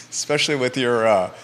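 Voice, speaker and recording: A man's voice: medium pitch, measured pace, fairly bright tone, big-room sound. A man hosting a live local talk show, blunt and emphatic, with joking asides.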